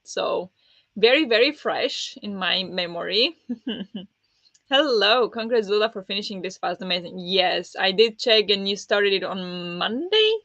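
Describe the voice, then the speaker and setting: Woman, livestream host, casual chat, bright voice, dry dull lo-fi mic. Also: mid-range voice, expressive, measured pace, no echo. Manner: chatty and friendly, many ums, answers chat by name. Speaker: livestream host of a book readalong.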